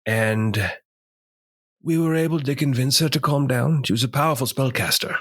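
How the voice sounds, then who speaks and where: A man's voice: medium pitch, a bit bright, no room sound, clean studio sound, lightly acted. A man voicing a dignified older noble father who recounts events formally. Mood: solemn. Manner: formal, measured storytelling.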